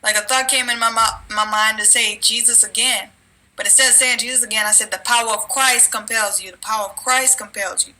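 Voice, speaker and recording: A woman with a very bright, fairly high voice recounts a religious dream in casual, rambling speech. She restarts her sentences and uses fillers, and now and then she reads scripture aloud. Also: rough recording. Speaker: religious video maker. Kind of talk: casual testimony and scripture reading.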